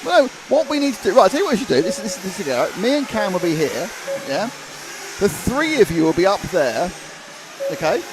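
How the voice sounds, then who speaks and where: A man with a high, very lively voice rambles through jokey live race commentary. Loud venue noise runs under everything, as at a busy race track. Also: a little fast. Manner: jokey, rambling, animated banter.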